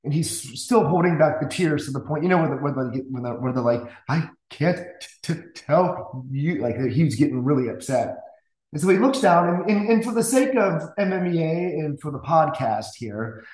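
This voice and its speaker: A man telling a classroom story in a casual, animated way, acting out the voices he quotes, with stammering restarts. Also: a little high, a little fast. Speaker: guest music teacher. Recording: roomy echo.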